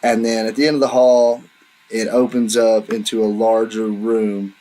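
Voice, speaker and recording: A man's voice: fairly low pitch, level tone, normal speed, mellow, low-quality recording. A man running a tabletop game as dungeon master, describing scenes at an easy pace with plenty of fillers. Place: home table with friends.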